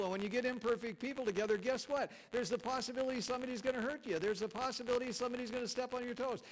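High-voiced man preaching a folksy sermon. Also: rough recording. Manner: conversational and folksy, chuckling, emphatic repetition. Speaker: pastor. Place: church sanctuary.

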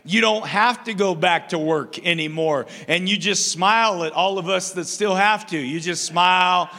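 A man's voice: high voice, moderate pace, bright, forceful tone, big-room sound. An older man preaching a sermon as pastor in a church, calling out to the congregation for responses and often repeating and restarting his phrases. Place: church sanctuary.

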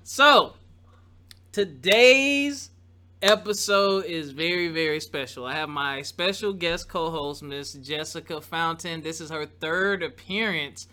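Bright-voiced upbeat man hosting a podcast. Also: fairly high pitch, slow pace, clean tone. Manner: lively, upbeat, chatty with laughs. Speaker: podcast host. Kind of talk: casual podcast chat.

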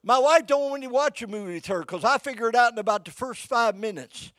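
An older man preaching a sermon to a congregation, folksy, shifting between shouted exhortation and hushed storytelling. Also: extremely high pitch, quick pace, no echo. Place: church before a live congregation.

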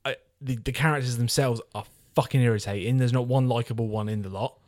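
A man's voice: mid-range voice, fast, a little mellow, dry recording, studio quality. A man ranting and swearing freely while reviewing a film on a casual podcast. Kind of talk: casual chat.

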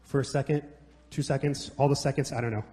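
A man's voice: mid-range voice, fairly even intonation, fast, warm tone. Passionate preacher man in a reverberant hall. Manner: passionate, conversational with jokes and restarts. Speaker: pastor. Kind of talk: sermon.

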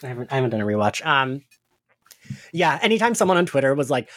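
A woman from New Jersey near Philadelphia with a South Jersey accent, co-hosting a podcast in casual chat, animated and laughing often. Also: very deep voice, fast, no echo, clean studio sound. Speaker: podcast co-host.

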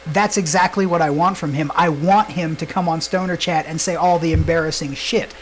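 A man's voice: on the high side, steady tone, a little fast, slight background noise, poor audio. A young man co-hosting a casual podcast, teasing his partner and often breaking into laughter. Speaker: podcast co-host. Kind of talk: casual chat.

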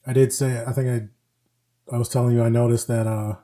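A man co-hosting a casual podcast, telling stories with lively acted-out quotes. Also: mid-range voice, brisk. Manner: animated storyteller, acts out quotes. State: recovering from flu. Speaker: podcast co-host. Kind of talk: casual chat.

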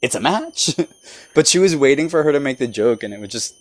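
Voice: medium pitch, expressive, a little fast, darkish tone. A guest on a podcast, chatting casually. The talk is loose and jokey. Easy laughs come between remarks. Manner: laughs often, loose and joking. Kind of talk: casual chat.

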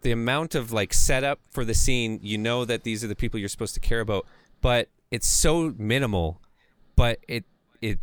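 A man's voice: mid-range voice, moderate pace, clear, resonant tone, dry recording. A man co-hosting a podcast, talking casually about a film in a hesitant way full of fillers. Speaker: podcast co-host. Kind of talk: casual film review chat.

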